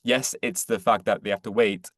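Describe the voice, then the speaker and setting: A man's voice: lowish voice, fairly even intonation, normal speed, a bit bright, no echo, clean studio sound. A young man presenting a webinar, explaining earnestly after a role-play.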